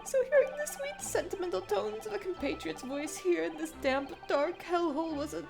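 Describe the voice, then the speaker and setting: A woman voicing an excitable, theatrical young male Japanese poet who speaks in melodramatic, alliterative outbursts. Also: extremely high pitch, normal speed, creaky, music in the background, pitched above the performer's own voice, heavily acted. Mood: gushing.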